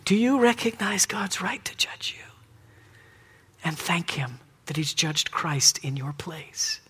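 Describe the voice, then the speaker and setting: High-voiced man preaching a dynamic sermon. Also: expressive, slow, husky. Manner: swings from hushed whispers to loud emphatic pleading; acts out God and the people in quoted lines. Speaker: pastor.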